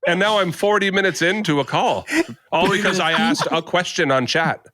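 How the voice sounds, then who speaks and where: A man's voice: high voice, moderate pace, pushed and bright, slight background noise. A man, a podcast co-host telling a rambling, exasperated story in casual chat.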